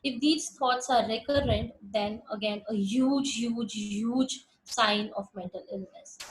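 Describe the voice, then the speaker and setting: A woman's voice: fairly high pitch, takes it slowly, a little hiss or hum, low-quality recording. Earnest woman with an Indian accent lecturing. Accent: Indian English. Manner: earnest, emphatic, repeats words while rephrasing. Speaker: psychologist presenting a webinar. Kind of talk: webinar lecture.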